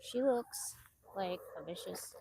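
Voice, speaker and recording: A woman chatting casually on a phone live stream while walking through her backyard garden, rambling loosely and calling out high to her chickens. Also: animated, slow pace, vocal fry, dark tone, slight background noise. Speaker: vlogger. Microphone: phone held in hand.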